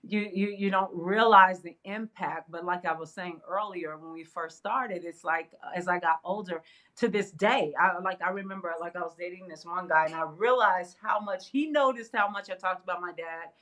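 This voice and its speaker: A middle-aged woman, a guest on an interview show, telling a personal story in a casual, animated way with frequent laughs. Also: fairly low pitch, moderate pace. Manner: animated, laughs often, fillers like "you know". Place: interview studio.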